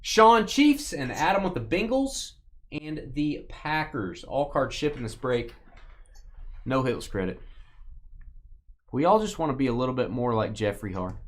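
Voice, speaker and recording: A man's voice: medium pitch, sing-song, measured pace, long pauses. A man hosting a live card break, joking casually and reading off lists of names and teams. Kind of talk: casual live-stream chat while opening cards.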